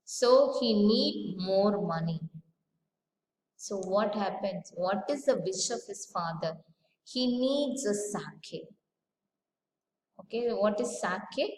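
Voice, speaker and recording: A woman's voice: a little high, slight background noise. A woman teacher, retelling a story as a lesson, stopping to explain words and asking her pupils rhetorical questions. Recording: echoey room with faint ambience.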